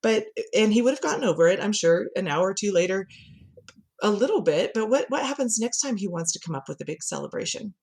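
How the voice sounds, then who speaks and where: A middle-aged woman, a communication coach, chatting as a podcast guest and telling animated stories with frequent laughter. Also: medium pitch, fast talker. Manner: lively storyteller who laughs often and acts out quotes. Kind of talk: conversational podcast interview.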